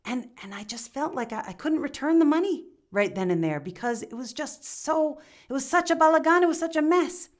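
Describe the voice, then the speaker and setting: Playing a humble young villager, a woman delivers his earnest, remorseful confession full of stammers and restarts. Her high-pitched voice is pushed up and expressive, running a little fast with hardly any pauses.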